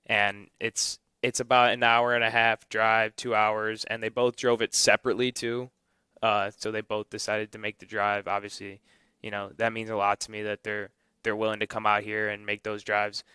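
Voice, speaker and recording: A man's voice: lowish voice, level tone, moderate pace, pushed and bright, clear, resonant tone, dry recording. Rambling young man radio co-host. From Illinois. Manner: rambling, lots of fillers. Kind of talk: casual morning radio chat. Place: radio studio. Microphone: studio microphone.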